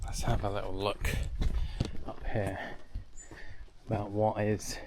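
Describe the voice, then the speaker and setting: A man's voice: on the low side, monotone, slow, background noise. A young man vlogging outdoors as he walks around hilltop villages, chatting casually with rambling, jokey asides. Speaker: travel vlogger. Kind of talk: casual travel vlog narration.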